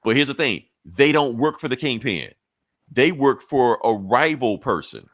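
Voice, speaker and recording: A man casually recapping a comic story on a podcast, swearing freely and acting out the characters' lines in quick bursts. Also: mid-range voice, animated, a bit bright, no echo. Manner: loose, profane storytelling with quick acted-out quotes. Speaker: comic book podcast host.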